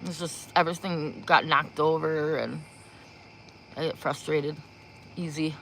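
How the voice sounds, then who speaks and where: Slow, rambling, giggly woman livestreaming. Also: low-pitched, steady tone, fairly bright tone, slight background noise. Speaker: livestreamer giving spiritual readings. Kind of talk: casual livestream chat. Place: small room she set up. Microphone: phone propped up.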